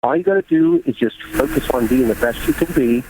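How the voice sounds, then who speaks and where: A man's voice: medium pitch, a little fast, a little hiss or hum, low-quality recording. A man in his thirties, a guest on the show, telling stories candidly and with a lot of swearing. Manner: candid, profane, animated retelling. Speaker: guest bodybuilder. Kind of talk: casual storytelling interview.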